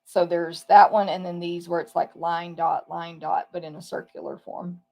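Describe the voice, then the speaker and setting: A woman with a fairly low, darkish voice talks at normal speed with a flat delivery. She's demonstrating papercraft products on a casual live tour, chatting, thinking aloud, and correcting herself along the way.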